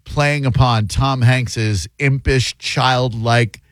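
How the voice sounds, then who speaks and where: Joking radio host, dry studio sound. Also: male voice, mid-range voice, fairly even intonation, slow, no room sound. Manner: joking, sarcastic, riffing. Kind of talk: casual comedic radio chat.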